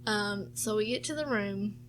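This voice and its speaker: A woman in her thirties with a Southern US accent co-hosts a podcast, chatting casually and telling stories. Her medium-pitched voice moves at a moderate pace over a faint hiss or hum. She's animated, swears freely, and acts out her family members' lines.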